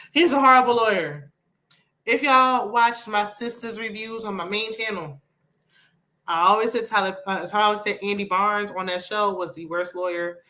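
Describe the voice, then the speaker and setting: A woman's voice: on the high side, bright, forceful tone. A woman, giving sassy, opinionated casual commentary on a reality show and talking back at the screen.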